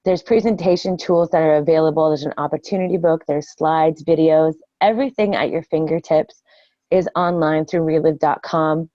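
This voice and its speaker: A woman's voice: sits low, fairly even intonation, moderate pace, no room sound. Earnest older woman with a dull, dry sound. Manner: warm, earnest, many ums and restarts. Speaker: network marketing trainer. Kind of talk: casual training talk.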